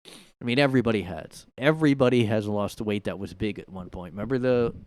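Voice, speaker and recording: A man's voice: on the low side, fairly quick, darkish tone, no room sound. Sarcastic man hosting a solo podcast. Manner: sarcastic, mocking, laughs at his own jokes. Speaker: podcast host. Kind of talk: casual solo commentary. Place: home room.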